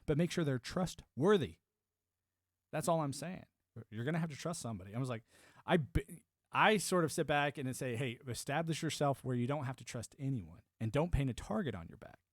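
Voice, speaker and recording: A man's voice: mid-range voice, lively intonation, brisk, no echo, clean studio sound. A man from the United States streaming a casual, rambling monologue, emphatic and prone to repeating words as he restarts his thoughts.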